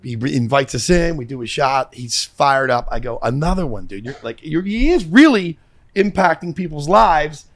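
A man's voice: on the high side, moderate pace. A middle-aged man hosting a casual talk show, telling stories with lots of swearing and acted-out voices. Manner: animated storyteller, swearing, acting out voices. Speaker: podcast host. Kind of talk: casual storytelling chat.

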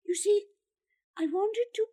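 A woman voicing an earnest, apologetic young boy who speaks quietly and pleads. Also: sits high, huge pitch swings, slow, slightly rough, pitched above the performer's own voice, heavily acted. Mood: pleading.

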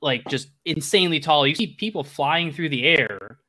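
A man's voice: fairly high pitch, moderate pace, bright, forceful tone. A man narrating a tabletop game as game master, rambling with many restarts.

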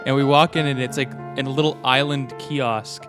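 A man's voice: mid-range voice, steady tone, normal speed, over music. A man who is a guest on a podcast, telling a story in casual, laid-back chat and chuckling as he goes. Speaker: in-studio guest.

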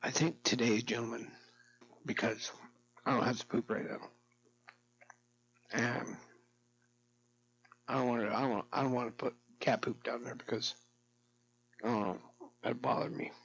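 A man's voice: medium pitch, steady tone, measured pace, creaky, long pauses, a bit bright, lo-fi sound, slight background noise. A middle-aged man vlogging in a rambling, profane, darkly joking monologue to camera.

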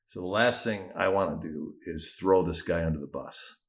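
A missionary pastor telling a personal story in a sermon, animatedly acting out the dialogue. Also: male voice, low-pitched, normal speed, creaky, fairly bright tone.

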